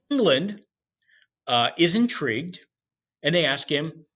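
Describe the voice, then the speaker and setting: A man giving a history lecture in an animated storytelling way, with casual asides to the class. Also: medium pitch, normal speed, long pauses. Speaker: history teacher.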